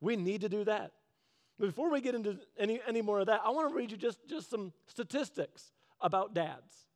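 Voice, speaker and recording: High-voiced man preaching conversationally. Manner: earnest, chatty storytelling with laughs. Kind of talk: conversational sermon.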